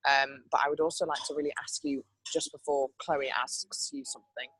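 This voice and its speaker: A woman from England hosts a motivational talk, telling stories in an animated way and adding sound effects. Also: low voice, a little fast, a little hiss or hum, rough recording. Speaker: host.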